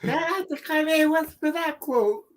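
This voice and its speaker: A woman's voice: high-pitched, unhurried. A woman co-hosting a casual live stream, blunt and sweary, who laughs often.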